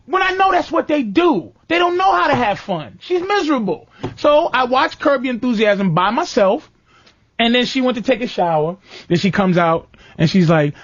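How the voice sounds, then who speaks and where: A man hosts a comedic talk show and rants through a story about his girlfriend. His pitch swoops widely as he acts out both sides. The sound is dry and close, with a dull lo-fi tone. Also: moderate pace, no echo. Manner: animated storytelling, acts out voices. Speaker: host.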